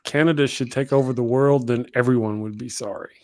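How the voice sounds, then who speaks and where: A man's voice: medium pitch, fairly even intonation, fairly quick, darkish tone, dry recording, studio quality. A man chatting casually as a stream guest, jovial and chuckling, rambling a little. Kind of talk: casual chat.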